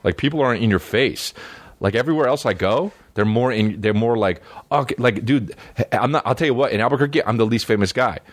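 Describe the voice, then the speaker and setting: A man's voice: mid-range voice, brisk, no room sound. Rambling, profane male comedian, dry studio sound. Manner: profane, loose and meandering, full of fillers. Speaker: comedian and podcast host. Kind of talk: rambling casual storytelling. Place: recording studio.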